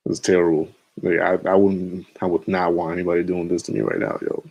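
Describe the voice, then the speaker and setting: A man's voice: sits low, little pitch movement, fast, vocal fry, husky, muffled recording. A young man streaming late at night, chatting in a laid-back, slangy, rambling way and chuckling to himself. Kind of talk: casual late-night live stream chat.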